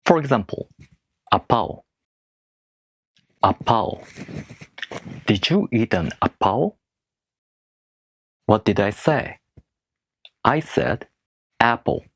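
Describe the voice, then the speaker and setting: A man whose first language is not English, teaching in a video lesson with rhetorical questions and slow, careful demonstrations of word stress. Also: mid-range voice, lively intonation, fairly bright tone, no room sound. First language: non-English speaker.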